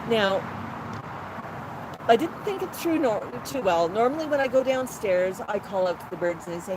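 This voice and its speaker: A woman's voice: mid-range voice, lively intonation, moderate pace. A woman host telling a rambling story casually on a phone live stream from an outdoor patio, with plenty of fillers. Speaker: pet parrot channel host. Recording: noisy outdoor phone recording.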